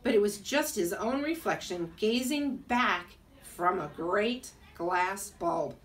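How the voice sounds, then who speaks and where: Expressive woman teacher reading a bedtime story. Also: medium pitch, slow pace, slight background noise. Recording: voice from a distance.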